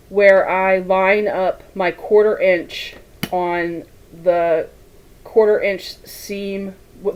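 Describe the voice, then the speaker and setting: A woman with a fairly low, darkish voice hosts a quilting livestream, chatting casually and rambling as she sews. She reads viewer comments aloud and laughs often, though the audio quality is poor.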